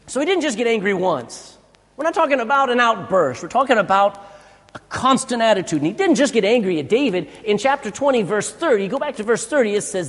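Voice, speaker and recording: Brief: male pastor mid-sermon, high voice that leaps up and down, emphatic, long reverb of a large church hall. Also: animated, a little fast. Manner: emphatic, rhetorical questions.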